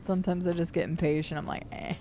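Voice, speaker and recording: A young woman streams a game and chats casually, thinking out loud and greeting viewers by name. Her voice has a gravelly edge, and a steady hiss sits under her desk mic. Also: mid-range voice, normal speed. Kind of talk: casual chat while gaming.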